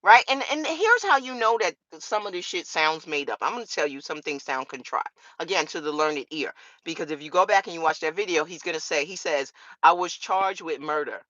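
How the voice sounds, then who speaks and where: Cussing woman ranting on her vlog, bright voice, dull dry lo-fi sound. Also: deep voice, animated, a little fast, few pauses, no echo. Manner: profane, emphatic, rhetorical questions. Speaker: vlogger on a law channel. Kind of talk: casual straight-to-camera rant.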